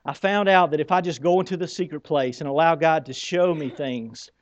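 A male pastor delivering a sermon in a conversational, emphatic way, stumbling over his words when he gets fired up. His voice sits a little high. The recording is dull and dry, with no sense of room. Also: fairly quick, dry recording.

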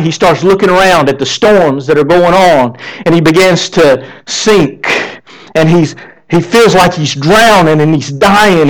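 Male pastor, high-pitched, sermon, rhetorical questions to the church. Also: rough recording. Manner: preaching with rhetorical questions to the congregation.

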